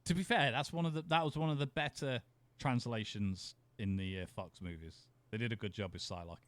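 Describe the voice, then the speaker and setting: A man's voice: lowish voice, brisk, fairly bright tone, dry recording. A man co-hosting a podcast, chatting casually, rambling, swearing and laughing often. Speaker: podcast co-host. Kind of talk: casual chat.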